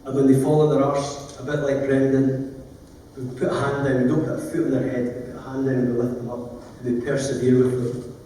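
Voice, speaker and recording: A man's voice: medium pitch, monotone, fairly quick, dark tone, a little hiss or hum. A man, a lawyer, telling stories in an earnest, emotional, plain-spoken conference talk. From Scotland. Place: large conference hall. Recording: echoey hall from far off.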